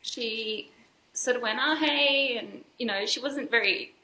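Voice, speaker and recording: Woman, podcast guest, bright and slightly high, candid personal story, roomy echo. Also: steady tone, unhurried. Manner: candid, earnest, with frequent fillers and restarts. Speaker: podcast guest, dance school founder.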